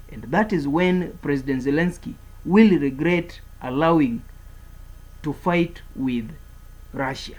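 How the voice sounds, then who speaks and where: A man's voice: fairly high pitch, darkish tone, rough recording. A man giving a political commentary monologue, speaking in an emphatic, repetitive way as he declares and warns.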